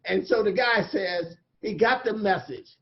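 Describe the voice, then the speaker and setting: A man's voice: high voice, unhurried, lo-fi sound. A man giving a guest talk at a recovery meeting, telling jokes and stories in a folksy, earnest way over a video call. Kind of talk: storytelling talk.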